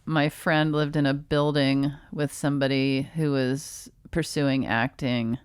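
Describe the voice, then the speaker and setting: A woman comedian and podcast co-host telling a halting, filler-heavy story while she has the hiccups. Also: a bass voice, flat delivery, smooth, no room sound, studio quality. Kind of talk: casual storytelling chat.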